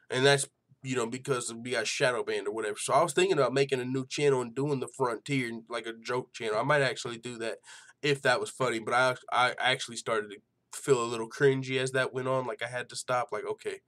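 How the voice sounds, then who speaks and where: A man's voice: mid-range voice, steady tone, a little fast, fairly bright tone. A man hosting an MMA news channel in casual chat, swearing freely and laughing often. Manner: loose and profane, laughs a lot, lots of fillers.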